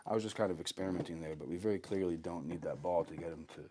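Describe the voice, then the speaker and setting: A man with a stuffy nose who runs short of breath, explaining dog training casually and talking softly to the dog. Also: low voice, racing, slightly rough. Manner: relaxed, talks softly to the dog between explanations.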